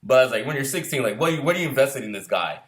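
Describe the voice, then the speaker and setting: A man's voice: medium pitch, expressive, very fast, a bit bright. A middle-aged man, a screenwriter and former Marine, telling stories in casual chat, rambling and swearing freely, often restarting his sentences.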